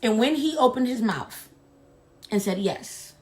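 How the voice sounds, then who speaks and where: A woman chatting casually to her viewers, retelling a story in an animated, sassy way. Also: on the high side. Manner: animated, sassy, drawn-out dramatic retelling with asides like "baby". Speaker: storyteller vlogger.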